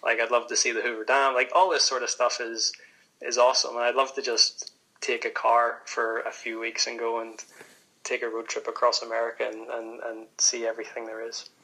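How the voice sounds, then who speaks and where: A young man with a Northern Irish accent, chatting casually as a podcast guest, relaxed with many restarts. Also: mid-range voice, brisk, poor audio. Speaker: pro golfer guest.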